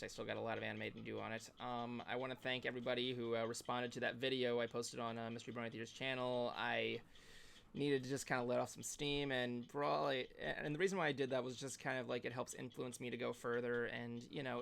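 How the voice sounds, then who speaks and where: A man's voice: mid-range voice, gravelly, fairly bright tone, a little hiss or hum. A man hosting a casual livestream talk show, talking loosely and joking. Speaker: show host.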